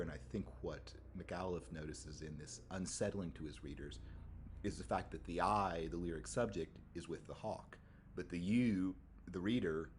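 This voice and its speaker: A male university lecturer giving a thoughtful academic talk on poetry, often pausing and restarting his phrases. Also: sits low, darkish tone, slight background noise. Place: lecture hall.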